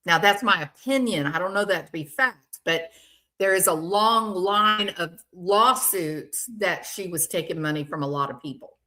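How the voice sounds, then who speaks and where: A woman's voice: lowish voice, moderate pace, bright, forceful tone. An older woman hosting a casual commentary, giving her opinion in a plain-spoken, emphatic way. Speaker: commentary channel host.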